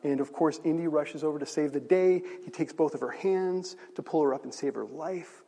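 A man's voice: on the high side, moderate pace, mellow. A male pastor preaching a sermon, conversational and asking the audience rhetorical questions. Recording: long reverb of a large hall.

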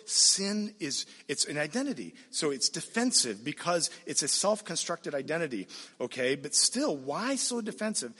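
A man's voice: a little high, fairly bright tone, breathy edge, in a large hall. A man preaching a sermon, emphatic and repeating his points, often asking his listeners "you see?". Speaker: pastor.

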